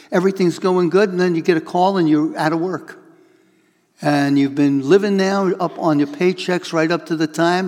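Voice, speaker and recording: Male pastor preaching, bit higher voice, acts out the stories, long echo in the hall. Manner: animated storytelling, acts out voices in illustrations. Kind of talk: sermon.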